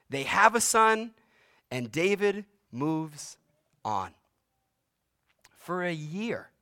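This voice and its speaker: A man delivering a sermon in a dramatic storytelling manner. His voice sits slightly high and moves constantly, climbing to ringing peaks and sinking low for emphasis. He shifts between urgency and quiet gravity. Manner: dramatic storytelling, voice rising and dropping sharply for emphasis. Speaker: pastor.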